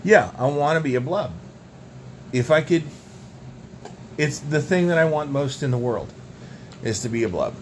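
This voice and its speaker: A young man co-hosting a podcast, telling absurd tall tales in a deadpan, rambling way. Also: fairly high pitch, moderate pace, pauses often, a little hiss or hum. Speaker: podcast co-host. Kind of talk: absurd comedic banter.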